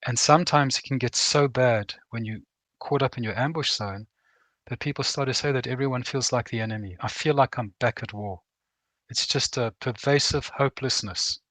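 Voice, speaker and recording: As a guest on a veterans' program, a middle-aged man reflects earnestly and plainly, briefly acting out bits of quoted dialogue. He speaks briskly in a medium-pitched, fairly bright voice, and there's no echo.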